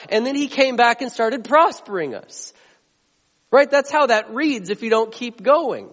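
A man preaching a sermon as a pastor, earnest, swinging between loud emphatic lines and quiet ones. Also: very high-pitched, lively intonation, moderate pace, long reverb tail.

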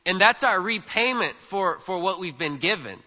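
A man's voice: sits high, animated, normal speed, bright, forceful tone. A man preaching a sermon in a conversational, emphatic way, repeating words and asking the crowd "right?". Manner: conversational, emphatic, with frequent repetitions and tag questions. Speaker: pastor. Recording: long hall reverb.

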